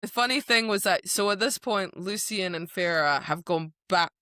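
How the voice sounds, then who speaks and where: A woman's voice: mid-range voice, normal speed, bright, forceful tone, dry recording, studio quality. A woman co-hosting a podcast, chatting casually about a novel and acting out the characters' lines with animation. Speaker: podcast co-host. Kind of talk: casual book discussion.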